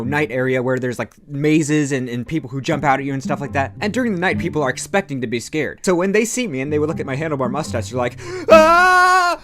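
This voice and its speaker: A young man telling jokey, self-deprecating stories about his job in a comedic vlog. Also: fairly high pitch. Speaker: vlogger, theme park photographer.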